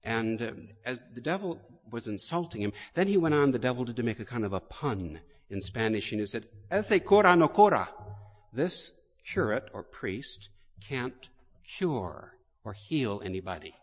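A man, a priest, delivering a sermon slowly and deliberately in a large church. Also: mid-range voice, animated. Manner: slow, deliberate storytelling. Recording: long hall reverb.

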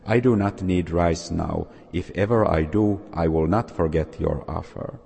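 A man's voice: low voice, a little slow, gravelly, warm tone, husky, heavily acted. Man reading as a humble, patient poor man. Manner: plain, patient and modest. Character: kind humble poor man who saves animals. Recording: long reverb.

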